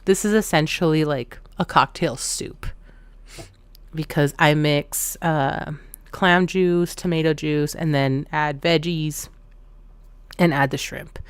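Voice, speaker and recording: A woman's voice: sits low, steady tone, slow, clean tone, no echo. A woman streamer chatting casually with her viewers, joking and rambling between thoughts. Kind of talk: casual live-stream chat.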